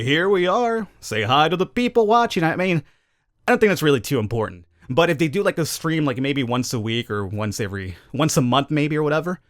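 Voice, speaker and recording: A man with a medium-pitched voice hosts a gaming channel, answering viewer questions in a casual, chatty way. He's opinionated and throws in wry, self-aware, cynical asides. There's no room sound.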